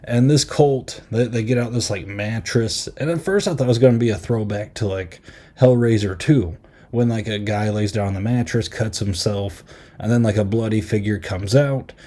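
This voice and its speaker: Low mellow man rambling casually. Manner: rambling, filler-heavy recap with frequent "like" and "um"; easily amused, retells scenes with quick half-acted quotes. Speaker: podcast host reviewing a horror film. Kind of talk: casual chat.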